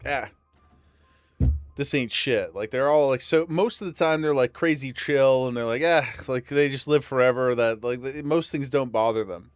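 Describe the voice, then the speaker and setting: A male streamer chats casually while he plays, joking and rambling with many restarts, and now and then he reads the game's lines aloud. His voice sits at a middle pitch. Faint game music plays behind him. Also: clear, resonant tone, no echo. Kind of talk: casual gameplay commentary.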